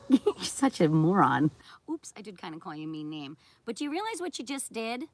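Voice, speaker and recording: A woman live streamer answers her viewers' chat bluntly, scolding them with sarcasm and a confrontational edge. Her voice is medium in pitch, swings widely in pitch, and moves at a quick pace.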